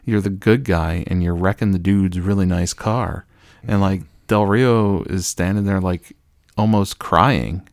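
Deep male podcast co-host, wry and rambling, dry close mic. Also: steady tone, measured pace, a little mellow, no room sound. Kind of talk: casual chat about wrestling.

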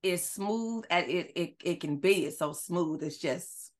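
A woman hosting a casual podcast interview, excited and chatty, often restarting her words. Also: fairly low pitch, measured pace. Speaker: podcast host.

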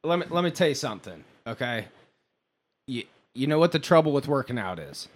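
A man's voice: medium pitch, sing-song, a little fast. A man hosting a podcast, rambling and joking in casual banter, with many restarts. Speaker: podcast host.

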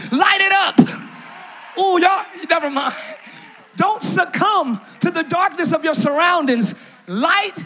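In a big church, a male pastor preaches with playful energy, often raising his voice to a shout for the congregation. His pitch is extremely high, and a little hiss or hum runs through the recording.

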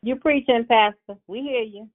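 A woman's voice: on the high side, moderate pace. A woman calling in as a church member, affirming the pastor over the phone. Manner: affirming, responsive. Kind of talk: phone-in responses. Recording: tinny phone line, dry.

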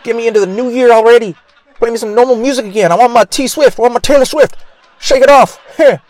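A man voicing a fed-up American man in a portable toilet, shouting whiny demands in a raised voice. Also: extremely high pitch, quick pace, no echo, pitched above the performer's own voice.

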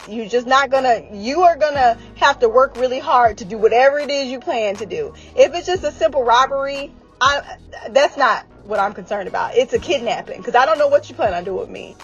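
A woman giving a casual recap of a show she watched, exasperated and animated, swearing freely and laughing often. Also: a little high. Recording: slightly dull sound with faint music.

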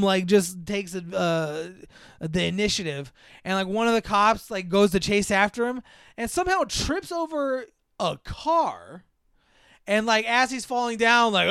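A man's voice: high-pitched, lively intonation, a little slow, gravelly, bright, forceful tone, clear, resonant tone, dry recording, clean studio sound. A man in casual chat, rambling and profane as he mocks a movie's plot. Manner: rambling, profane, mocking, acts out characters in voices.

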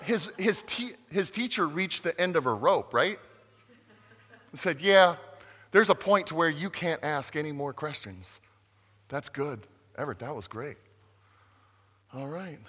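Lively bright-voiced man preaching in a hall. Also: fairly high pitch, breathy edge. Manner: playful, interactive, acts out voices. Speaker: children's pastor. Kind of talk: animated family sermon to kids and adults.

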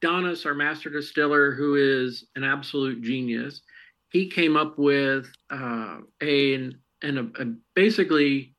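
A man from Texas speaks as a podcast guest and tells stories in a friendly, unhurried way. He often pauses on fillers. His voice is bright and sits at an average pitch. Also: rough recording. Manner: friendly, storytelling, hesitant fillers. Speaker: guest, marketing head of a distillery. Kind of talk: casual interview answers.

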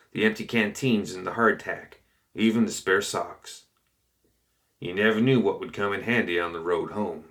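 A man reading a story aloud in a steady, measured narration. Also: deep voice. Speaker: audiobook reader.

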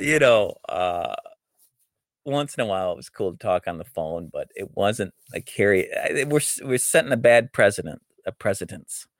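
40s male host, low voice, dry sound, loose rambling live-stream monologue. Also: vocal fry, dry recording. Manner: rambling, full of fillers and restarts.

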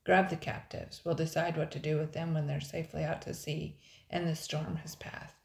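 A woman voicing a gruff, one-eyed male pirate captain who barks threatening orders. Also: deep voice, level tone, moderate pace. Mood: urgent. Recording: roomy echo.

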